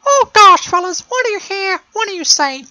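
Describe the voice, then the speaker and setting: A shrill, shouty cartoon grump, cursing, way up high. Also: male voice, animated, normal speed, dry recording, full character voice. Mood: ranting. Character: squeaky cartoonish older man, cursing and shouting.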